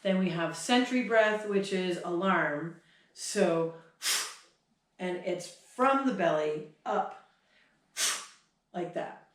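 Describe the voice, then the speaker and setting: A woman's voice: lowish voice, expressive, takes it slowly, pauses often. A woman horse trainer explaining breathing signals at a clinic, chatty, breaking off to sigh and huff out demonstrations. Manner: demonstrates breath sounds, sighs and huffs, chatty. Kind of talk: explaining at a workshop. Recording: echoey hall, mic far off.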